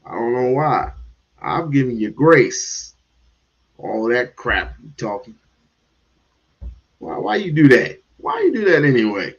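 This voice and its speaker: Slow, blunt man on a lo-fi stream. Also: mid-range voice, big pitch swings, breathy edge. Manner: blunt, drawling, speaks to the chat. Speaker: livestream host. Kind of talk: livestream commentary.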